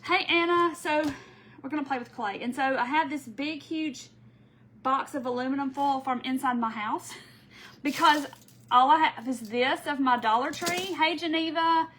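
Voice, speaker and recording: A woman's voice: sits high, normal speed, a bit bright, a little hiss or hum, low-quality recording. A woman hosting a casual live craft stream from home. She chats easily, greets viewers by name and laughs often. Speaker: craft host.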